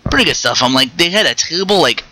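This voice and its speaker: A man hosting a casual solo podcast, rambling and restarting his sentences, with quick asides while he plays a game. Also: a little high, expressive, sharp tone, poor audio. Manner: rambling, stops and restarts mid-thought; chatty, with short asides while playing a video game. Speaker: podcast host.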